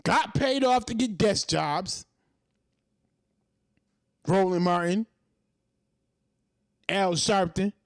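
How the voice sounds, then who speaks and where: Heated man ranting with lively pitch. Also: very slow, long pauses, no room sound, clean studio sound. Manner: heated, profane, hammering rhetorical questions. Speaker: commentary host. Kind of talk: ranting monologue.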